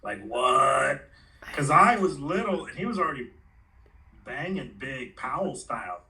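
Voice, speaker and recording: A man's voice: medium pitch, very animated, measured pace, sharp tone, recorded from a distance, a little hiss or hum, rough recording. A man in his forties, a former pro skater, telling stories in a laid-back, slangy way and acting out the quotes. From Los Angeles area. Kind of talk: casual storytelling interview.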